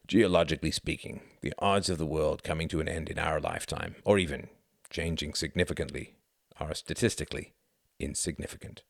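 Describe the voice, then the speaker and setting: A man's voice: rumbling low, fairly even intonation, brisk, creaky, dry recording, clean studio sound, full character voice. A man reading a novel aloud and voicing a sleepy, dismissive older husband. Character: drowsy complacent older husband.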